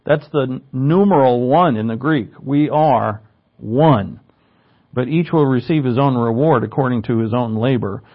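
A man's voice: medium pitch, normal speed, few pauses. Man preaching a teaching sermon, lo-fi. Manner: teaching, explains Greek words, asks rhetorical questions. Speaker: pastor.

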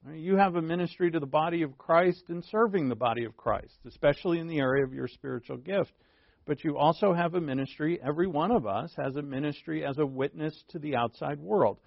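A man teaching a sermon as pastor, with slow, emphatic stresses and small asides to the listeners. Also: fairly high pitch, creaky, no room sound. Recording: dull, lo-fi dry recording.

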